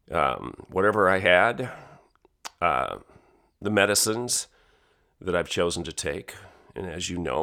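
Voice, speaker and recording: A man hosting an opinion podcast, hoarse and gravelly from a chest cold, talking in an emphatic, indignant way. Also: sits low, a bit bright. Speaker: podcast host.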